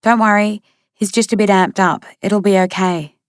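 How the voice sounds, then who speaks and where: A woman's voice: mid-range voice, steady tone, moderate pace, no echo, studio quality, pitched above the performer's own voice, natural voice. A woman voicing a distressed, angry young woman who speaks urgently. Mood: remorseful. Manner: urgent, emotional.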